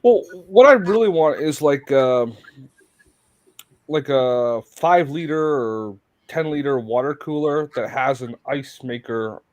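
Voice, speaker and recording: A man's voice: medium pitch, expressive, takes it slowly, darkish tone, no echo. A man co-hosting a casual livestream chat, blunt and laughing, swearing casually. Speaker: co-host.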